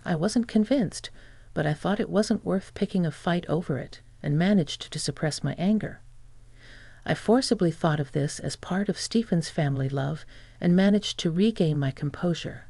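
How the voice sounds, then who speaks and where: A steady, scripted narration of a first-person story, told by a narrator who reads the quoted lines in the same even voice. The tone sits on the dark side, with a gravelly, husky edge, and the room gives back no echo at all. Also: medium pitch, normal speed.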